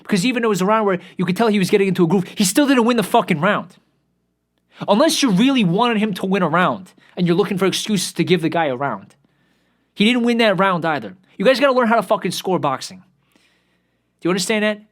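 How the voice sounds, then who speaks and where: A man's voice: high-pitched, animated, quick pace. A young man hosting his own show, ranting in a profane, exasperated way that sags at times into weary muttering. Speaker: podcast host. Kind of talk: ranting commentary.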